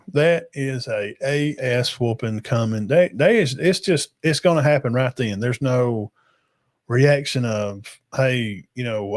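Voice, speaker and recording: A man's voice: mid-range voice, darkish tone. Rambling man hosting a stream. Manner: rambling, emphatic, talks to chat and guests. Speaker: podcast host. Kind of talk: casual livestream chat.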